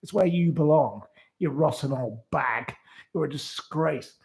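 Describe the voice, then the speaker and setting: A man hosting a solo news commentary with a fairly high voice. He talks at an unhurried, deliberate pace, and his delivery is indignant and scornful, full of insults. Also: creaky, a little mellow. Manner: reads out quotes and then rebuts them. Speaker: host.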